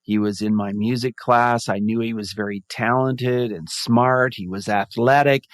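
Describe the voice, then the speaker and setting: A man's voice: mid-range voice, dry recording, studio quality. A middle-aged man, a podcast guest, telling a personal story in an earnest, reflective way. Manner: earnest, reflective, acts out quoted voices. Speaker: podcast guest, mindfulness advocate. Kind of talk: storytelling in an interview.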